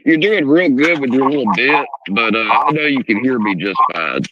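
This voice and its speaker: A man's voice: mid-range voice, expressive, moderate pace, very noisy. A man hosting a live stream, arguing angrily and confronting the other speaker with heavy profanity. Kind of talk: heated live stream argument. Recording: muffled lo-fi mic.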